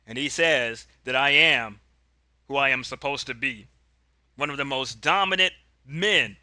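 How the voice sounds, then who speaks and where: A man's voice: medium pitch, bright, forceful tone, no room sound. A man voicing a confident male pro wrestler who cuts a boastful promo in a tabletop game.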